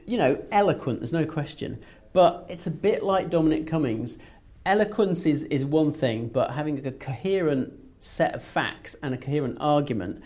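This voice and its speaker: A man's voice: mid-range voice, dark tone. A man discussing politics in a casual panel chat, talking fluently with frequent restarts. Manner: fluent, repeats words when restarting. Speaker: political commentator.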